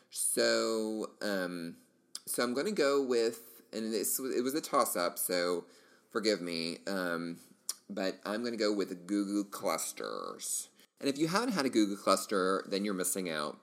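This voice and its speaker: A man's voice: fairly low pitch, fairly bright tone. A middle-aged man hosting a solo podcast, chatting casually and enthusiastically, rambling with lots of fillers and restarts. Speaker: podcast host.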